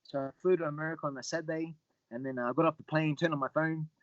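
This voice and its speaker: A middle-aged man telling stories as a podcast guest, often repeating words and getting animated when he quotes other people. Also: on the high side, fast talker, dry recording, dull audio. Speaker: guest, Muay Thai fighter. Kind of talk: casual storytelling interview.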